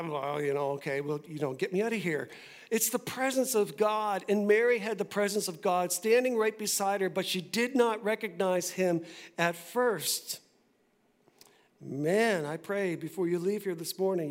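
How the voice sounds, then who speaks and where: Animated, high-voiced male pastor preaching. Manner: conversational, animated preaching with quick asides. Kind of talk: sermon. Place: church.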